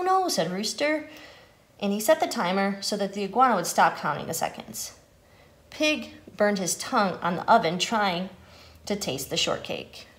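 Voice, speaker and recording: A woman reads a picture book aloud to children in an animated, sing-song way. Her pitch rises and falls widely as she narrates, then asks the kids questions. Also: reverberant. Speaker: nutrition educator.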